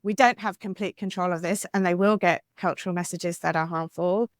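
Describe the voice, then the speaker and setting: A woman author being interviewed on a podcast, talking in an animated, talkative way with lots of "like" and "you know.". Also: on the low side, a little fast, dry recording, studio quality. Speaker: author guest.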